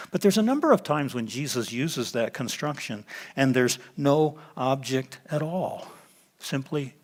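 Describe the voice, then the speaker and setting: A man preaching a sermon as pastor, teaching in an emphatic way, pausing and dropping to a quiet voice for weight. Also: mid-range voice. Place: church sanctuary.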